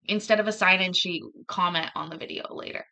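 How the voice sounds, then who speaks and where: A woman's voice: fairly low pitch, fairly even intonation, a little fast, bright, forceful tone. A woman hosting a livestream, chatting casually and rambling, often laughing between thoughts. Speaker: livestream host.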